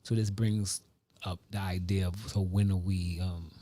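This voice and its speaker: A man and father telling family stories in a casual vlog, animated, with sudden pitch jumps and hushed asides. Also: unhurried, dry recording. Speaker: vlogger. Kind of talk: casual storytelling monologue.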